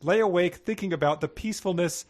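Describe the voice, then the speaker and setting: A man's voice: high voice, fast, a little mellow. Male podcast co-host, 30s, dry jokester, reads excerpts with mock gravity. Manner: wry, joking, mock-dramatic readings. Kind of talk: casual book-riffing chat, reading passages aloud.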